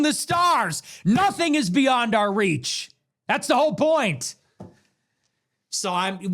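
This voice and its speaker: High, animated male livestream ranter. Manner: emphatic, declamatory, building to shouts. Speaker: livestream host. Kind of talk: livestream political monologue.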